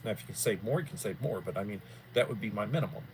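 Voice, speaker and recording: A man's voice: on the low side, expressive, very fast, a little hiss or hum. A man hosting a livestream in casual chat, rambling in a folksy way and repeating himself. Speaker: livestream host.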